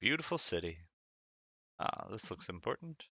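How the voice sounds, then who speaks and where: A man's voice: fairly low pitch, very animated, normal speed, pushed and bright, no echo. A man streaming a retro game, reading its text aloud with wry asides and frequent laughter. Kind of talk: casual game commentary.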